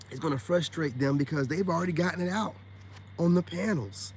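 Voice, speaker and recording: A man's voice: on the high side, fairly quick, husky. A man on a casual livestream, talking bluntly and with profanity straight to his viewers, peppering his speech with "man" and "you know what I'm saying.". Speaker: online self-help streamer.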